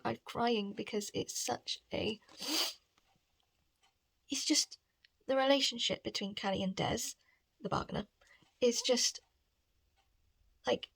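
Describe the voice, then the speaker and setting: A woman's voice: fairly high pitch, creaky, a bit bright, slightly rough, dry recording. A woman talking casually about her reading in a rambling, chatty way at home. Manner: rambling, chatty, lots of filler "like". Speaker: book vlogger. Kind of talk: casual reading vlog chat.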